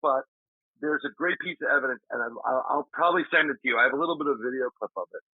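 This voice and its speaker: A man, a paranormal investigator, telling an animated story in a casual interview, acting out his friend's shouts. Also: mid-range voice, rapid-fire, husky, dry recording. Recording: dry tinny remote call audio.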